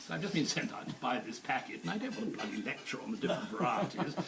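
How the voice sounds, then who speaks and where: A man's voice: medium pitch, sing-song, fast, creaky, over a noisy crowd. A man playing a blunt, irritated male customer in a told joke, swearing as he loses patience. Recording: distant voice, noisy dinner table.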